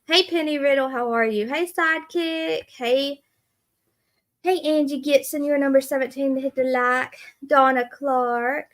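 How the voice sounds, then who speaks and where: A woman's voice: high-pitched, steady tone, measured pace, fairly bright tone. A woman, hosting a casual live stream and earnestly greeting viewers by name. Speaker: livestream host.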